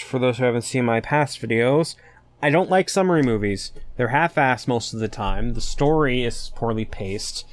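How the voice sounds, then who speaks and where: A man hosting a casual solo podcast, venting in a profane, exasperated rant. His voice sits at an ordinary middle pitch. The sound is dry and close, with no room echo. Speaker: podcast host.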